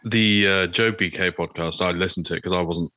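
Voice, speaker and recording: A man's voice: low-pitched, steady tone, a little fast, pushed and bright, dry recording, studio quality. A British man, a guest co-host, cheeky and joking in a casual podcast interview. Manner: cheeky, joking, laughs often.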